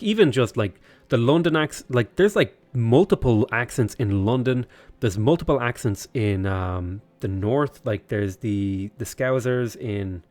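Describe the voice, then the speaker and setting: Young guy rambling and joking while streaming a game, mid-pitched voice, faint music behind. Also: darkish tone. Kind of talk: casual livestream commentary.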